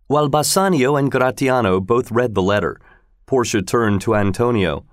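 A man's voice: on the low side, normal speed, no room sound, clean studio sound. Man reading a storybook aloud. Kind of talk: scripted storybook narration.

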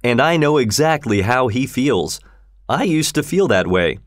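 A man's voice: medium pitch, big pitch swings, unhurried, no room sound, clean studio sound. A man voicing a cruel, scheming middle-aged landowner in a read-aloud story, with a cold, mocking manner.

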